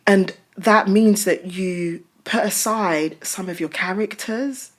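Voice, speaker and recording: British woman pastor talking it out, emphatic and expressive, mid-range voice. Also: mid-range voice, slow. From Britain. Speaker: pastor and guest. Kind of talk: casual chat.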